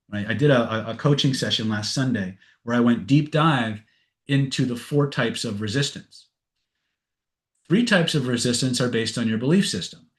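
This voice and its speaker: A man teaching an online webinar on persuasion techniques in a conversational way, with frequent fillers, restarts and frank asides. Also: medium pitch. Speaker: NLP and hypnosis trainer.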